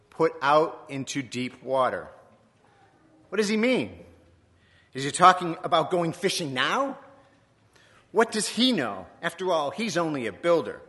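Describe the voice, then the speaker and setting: A man's voice: on the high side, bright, forceful tone, heavily acted. A man voicing a weary, skeptical fisherman who tells his own story in plain, wry words, with incredulous questions. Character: weary skeptical male fisherman, middle-aged, blunt. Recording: long echoing church reverb.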